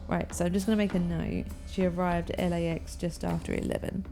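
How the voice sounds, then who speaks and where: A woman streamer guides a murder mystery game in brisk, casual narration. Her voice is low, mellow and gravelly. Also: flat delivery, soft background music. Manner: brisk, organizing, laughs often.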